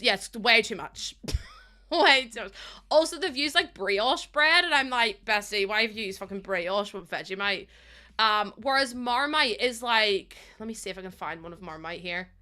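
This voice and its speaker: A woman's voice: on the high side, pushed and bright. A young woman live-streaming, chatting casually with her chat, giggling often and greeting viewers as she talks.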